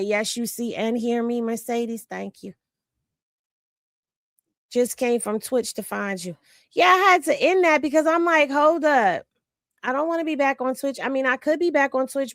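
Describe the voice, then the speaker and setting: A woman's voice: a little high, dry recording, studio quality. Chatty, tired woman hosting a live stream. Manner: chatty, gossipy, talks straight to viewers. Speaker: livestream host. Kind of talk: casual livestream chat.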